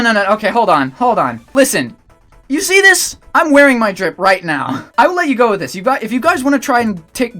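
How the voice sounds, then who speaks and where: Excitable male streamer. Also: sits high. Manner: excitable, talks to chat. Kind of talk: casual livestream chat.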